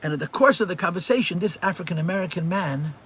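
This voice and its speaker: In a live religious class, a male rabbi tells animated stories and frequently repeats phrases to drive points home. He speaks quickly in a high voice with a breathy edge.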